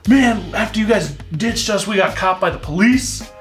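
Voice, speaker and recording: A man voicing his panicked teenage friend in a hurried, excited retelling. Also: sits high, recorded from a distance, voice pushed up. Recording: roomy room with faint music.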